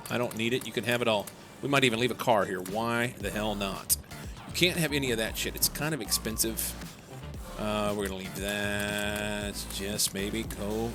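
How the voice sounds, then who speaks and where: A man's voice: lowish voice, normal speed. A young man casually talking through a live game stream, rambling and answering chat. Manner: rambling, chatty, reads chat aloud. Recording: background game music.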